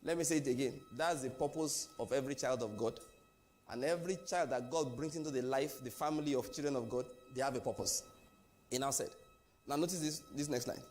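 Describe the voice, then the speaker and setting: A man's voice: medium pitch, quick pace, darkish tone, faint music behind. A man from Nigeria preaching a sermon, emphatic and often asking his listeners questions.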